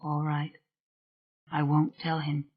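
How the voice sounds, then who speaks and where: An audiobook reader voicing a frightened but defiant young woman who speaks in hushed, commanding tones. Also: medium pitch, steady tone, normal speed, narrow, tinny audio, natural voice.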